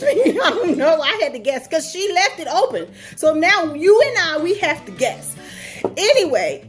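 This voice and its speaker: A woman hosting her own show, chatting in a sassy, playful way and talking straight to her listeners. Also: a little high. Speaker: podcast host. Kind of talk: casual commentary.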